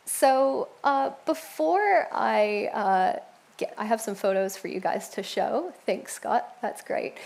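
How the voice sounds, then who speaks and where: Woman, New York accent, young adult, gravelly edge, chatty church testimony. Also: medium pitch. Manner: chatty, warm asides with fillers and laughs. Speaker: church member sharing testimony. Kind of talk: personal testimony talk.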